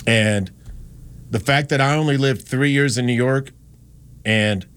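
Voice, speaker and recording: A man's voice: medium pitch, unhurried, a bit bright, smooth. A man in his fifties from the American South, a radio host with a light Southern accent, talking in a rambling, opinionated way and correcting himself often. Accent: Southern US, Carolinas. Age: 50s. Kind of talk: casual radio talk.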